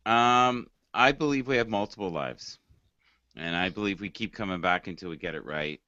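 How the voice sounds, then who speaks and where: A man in casual group chat on an online hangout, earnest and spiritual-minded, speaking in slow emphatic phrases. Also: fairly low pitch, expressive, sharp tone, no room sound. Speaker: hangout participant. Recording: dull lo-fi online call audio.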